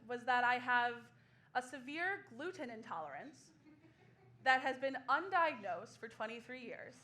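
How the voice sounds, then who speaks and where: Bright, high-voiced woman doing stand-up. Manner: sardonic, self-mocking, breaks into laughs. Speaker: comedian. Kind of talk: stand-up comedy set with songs. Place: small comedy club stage.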